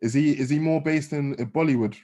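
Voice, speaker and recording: A man's voice: fairly high pitch, fairly quick, warm tone. A man hosting a podcast interview, asking questions in an easygoing, slangy way. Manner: easygoing, slangy, many fillers. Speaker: podcast host. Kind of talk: casual interview chat.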